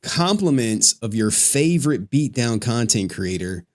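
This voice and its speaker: Animated joking male livestream host. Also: medium pitch, measured pace. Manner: joking, profane, laughs often. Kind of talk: casual livestream chat.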